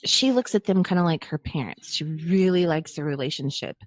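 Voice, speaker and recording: A woman's voice: deep voice, brisk, no room sound. A woman co-hosting a casual podcast, chatty, often restarting and trailing off mid-sentence. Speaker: podcast co-host.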